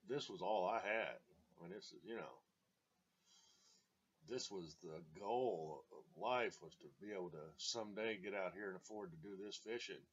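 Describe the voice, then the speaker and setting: A man's voice: on the low side, a bit bright. A man reminiscing in casual storytelling, rambling with many fillers and chuckles, in a dull lo-fi recording.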